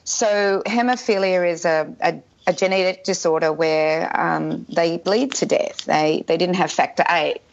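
A woman's voice: fairly low pitch, a little slow, vocal fry, hardly any pauses, muffled recording. A woman from Australia with an Australian accent, a guest telling her story in an interview. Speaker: guest, documentary maker. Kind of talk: interview answers.

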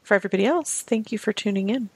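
A woman's voice: medium pitch, very fast, darkish tone, slightly rough, no echo. A woman co-hosting a health podcast, chatty and loose, full of "you know". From Massachusetts. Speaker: podcast co-host. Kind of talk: casual health podcast chat.

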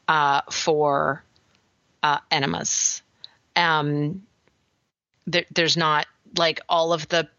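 A woman's voice: sits low, bright, forceful tone, no echo, dull audio. A woman co-hosting a health podcast, explaining carefully and often restarting her sentences. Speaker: podcast co-host. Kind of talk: casual health podcast chat.

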